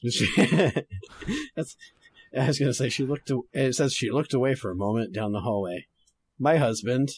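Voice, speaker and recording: Young guy on a podcast, laughing at his own asides, swears a bunch, average pitch. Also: expressive, normal speed, husky, dry recording. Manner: laughs often, sidetracked, swears casually. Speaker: podcast host reading a story. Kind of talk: casual chat and story reading.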